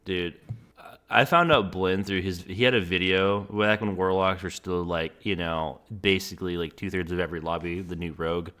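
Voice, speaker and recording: A man interviewing a player in a casual gaming chat, telling stories excitedly and filling his talk with "like". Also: deep voice. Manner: excitable, fast storytelling with many fillers.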